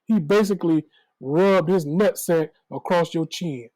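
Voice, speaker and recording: A man co-hosts a sports talk show with bold, trash-talking takes. His voice is mellow and fairly high for a man. It is recorded dry and close. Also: a little slow, no echo, low-quality recording. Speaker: co-host. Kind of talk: casual sports chat.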